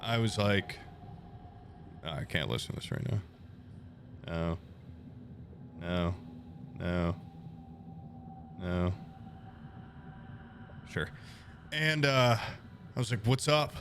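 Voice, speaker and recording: Animated swearing streamer man telling a story. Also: low-pitched, drawn-out words, pauses often, slight background noise. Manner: animated, profane, rambling anecdote with quoted voices. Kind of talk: casual storytelling to chat.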